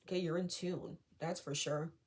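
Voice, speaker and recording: A tarot reader with a fairly low voice at normal speed reads cards for her viewers in a casual, chatty way with lots of fillers. She keeps asking "okay?" and calmly reassures them not to be afraid.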